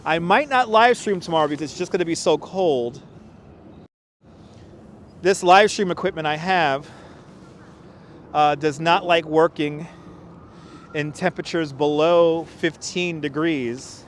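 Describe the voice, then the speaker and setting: A man's voice: on the high side, measured pace, long pauses, slight background noise. A man hosting a casual walking livestream outdoors in a city park, chatting and laughing as he answers viewer comments through a clip-on mic. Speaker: livestream host and tour guide. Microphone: wireless clip-on mic.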